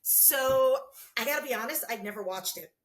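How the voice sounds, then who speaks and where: A middle-aged woman talking as a guest in a casual interview, lively and theatrical, acting out what people said to her. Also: on the high side, moderate pace. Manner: animated, acts out quotes in big voices.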